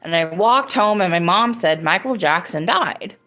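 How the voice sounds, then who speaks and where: A woman's voice: fairly low pitch, expressive, moderate pace, bright, forceful tone. A woman in her thirties hosting a podcast, telling a story casually and rambling with many fillers and restarts. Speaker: podcast host.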